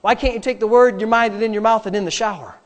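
Guy pastor preaching, pretty high voice, keeps repeating lines to hammer it home. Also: rapid-fire. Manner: emphatic preaching with repetition, dropping to quiet prayer. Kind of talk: sermon.

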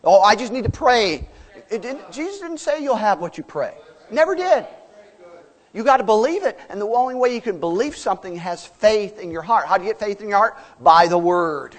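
A man's voice: sits high, lively intonation, brisk. A man preaching a sermon as pastor, emphatic and folksy, asking his listeners questions.

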